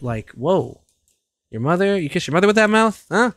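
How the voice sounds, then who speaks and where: A young man streaming a video game, swearing and joking excitably as he plays. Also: sits high, normal speed, dry recording, studio quality. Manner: profane, excitable, jokey. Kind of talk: gaming commentary. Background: game music.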